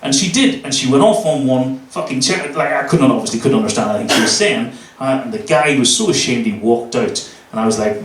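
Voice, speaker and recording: A Northern Irish man in his thirties does a stand-up set, swearing and telling stories with lots of energy. His voice sits at medium pitch and moves a little fast, with few pauses. The room is echoey and the mic is placed at a distance.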